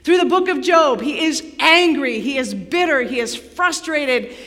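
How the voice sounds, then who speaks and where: A woman pastor preaching a sermon in a church sanctuary, dramatic and dropping to a near hush for emphasis. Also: high-pitched, unhurried. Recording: long reverb of a large hall.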